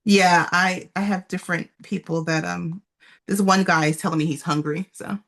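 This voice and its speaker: A woman's voice: fairly low pitch, fairly even intonation, normal speed, a bit bright. Woman co-host, casual chatter, easy laughs, loose with fillers. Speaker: podcast co-host. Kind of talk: casual chat.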